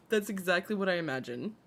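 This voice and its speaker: A woman hosting a casual livestream, talking in a chatty, gossipy way and greeting viewers by name as they arrive. Her voice sits at an ordinary middle pitch, and she swears freely as she comments. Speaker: livestream host.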